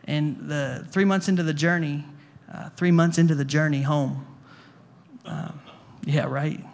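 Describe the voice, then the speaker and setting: Before a congregation in a church hall, a male pastor delivers a conversational sermon, repeating words and putting questions to the room. His fairly high voice is gravelly and unhurried, with fairly even intonation.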